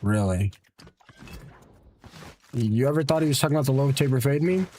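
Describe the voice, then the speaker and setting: A man's voice: mid-range voice, animated, moderate pace, warm tone, slight background noise. A man streaming a game, chatting offhand with his viewers and teammates and teasing them casually. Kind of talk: casual gaming stream chat.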